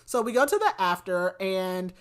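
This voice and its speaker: A woman's voice: mid-range voice, sing-song, normal speed, fairly bright tone, clean tone. A woman hosting a podcast, retelling a book in a casual chat full of fillers and restarts. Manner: chatty, many fillers and restarts. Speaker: podcast host.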